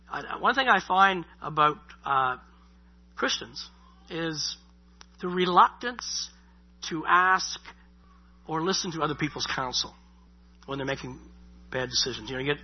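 A man's voice: on the high side, husky, highs cut off. A man preaching a sermon in a conversational way, restarting and repeating his words. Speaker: pastor.

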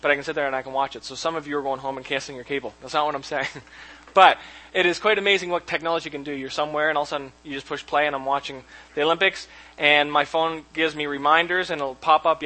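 A man gives a relaxed, talky sermon from the front of a church, and his voice sits a little high for a man. His tone is bright and pointed. He keeps it casual and informal, with easy chuckles and restarts as he goes. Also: fast talker, rough recording. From Canada. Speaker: pastor. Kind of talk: conversational sermon. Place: church sanctuary.

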